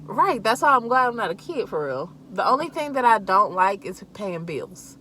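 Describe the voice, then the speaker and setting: Lively relaxed woman in her late twenties. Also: medium pitch, moderate pace, a little hiss or hum, rough recording. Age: late 20s. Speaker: co-host. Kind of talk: casual chat while eating.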